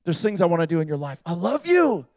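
A man voicing God as a male figure, speaking in a hushed, slow, pleading way within a sermon. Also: high voice, very animated, no echo, studio quality. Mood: tender. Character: God, a male voice, tender and solemn.

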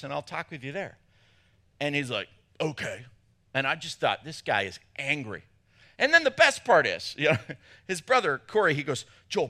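A man preaching a sermon as pastor, telling a story with big swings between loud bursts and hushed moments. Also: on the high side.

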